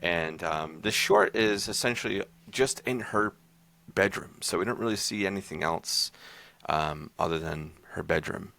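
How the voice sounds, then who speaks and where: Podcast host, male, very low gravelly voice with a bright edge; laid-back, rambling recap style. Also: a little slow. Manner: rambling, loose, with many fillers and restarts. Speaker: podcast host reviewing horror short films. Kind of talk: casual chat, recapping a short film.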